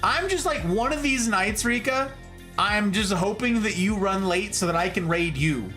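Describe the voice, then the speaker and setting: A man chatting casually on a live stream, effusive and quick to laugh as he greets his viewers. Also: high voice, expressive, bright, forceful tone, faint music behind.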